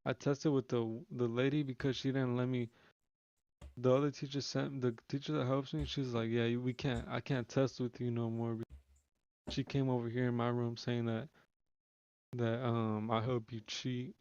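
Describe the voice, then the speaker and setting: A man's voice: medium pitch, flat delivery, normal speed, a little mellow, clear, resonant tone, no room sound, lo-fi sound. A young man streaming live, telling a long story in casual slangy speech with lots of swearing and restarts. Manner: rambling, slangy, swears freely, restarts often.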